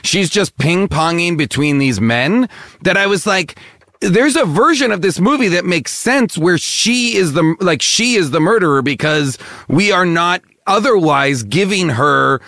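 A man co-hosting a podcast, talking casually and animatedly about a film with lively opinions. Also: high-pitched, unhurried. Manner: animated, acts out quotes in put-on voices. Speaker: podcast co-host.

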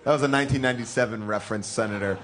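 A man co-hosting a podcast, loud and joking, riffing on a movie with friends. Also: mid-range voice, very fast, some chatter behind. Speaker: podcast co-host. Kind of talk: casual comedic movie discussion.

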